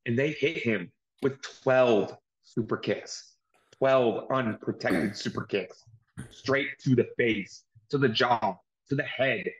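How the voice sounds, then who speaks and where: A man's voice: mid-range voice, slow, lo-fi sound. A man hosting a casual wrestling review show, retelling the action play by play with energy. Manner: animated play-by-play retelling with acted-out quotes. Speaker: podcast host reviewing wrestling. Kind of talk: casual recap chat.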